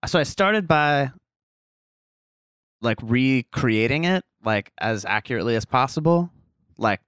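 Guy on a podcast rambling about his music, smooth clean voice, dead dry sound, says like a lot. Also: medium pitch, lively intonation, a little slow, fairly bright tone, dry recording. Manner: rambling, heavy use of "like", laughs easily. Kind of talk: casual conversation.

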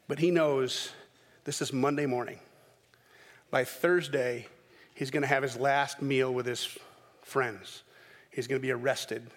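A man preaching a sermon as pastor in a church sanctuary, animated, with dramatic bursts when he acts out scenes. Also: medium pitch, long reverb tail. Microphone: microphone.

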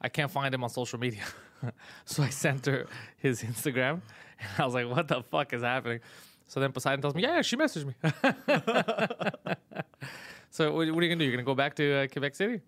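A man's voice: medium pitch, expressive, brisk, fairly bright tone, dry recording. A man hosting a comedy podcast, telling a frustrating story in a profane, exasperated way with frequent laughs. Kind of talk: casual chat, storytelling.

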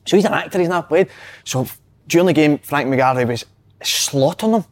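A man with a Scottish accent, chatting casually about football and telling lively stories, saying mate a lot. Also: on the high side, a little fast. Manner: animated storyteller, says mate often. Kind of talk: casual chat.

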